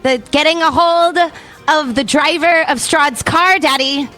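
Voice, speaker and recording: A woman in a casual tabletop game with a bright, high voice. She plays along in a playful, teasing way, quick to joke with the table. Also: soft background music. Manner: playful, quick to laugh and tease. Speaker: player. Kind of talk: casual tabletop role-play.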